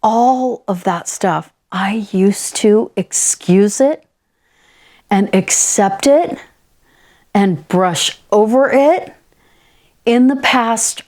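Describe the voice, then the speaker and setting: A woman podcast host telling a personal story candidly and in an animated way, acting out the dialogue she quotes. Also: mid-range voice, drawn-out words, pauses often.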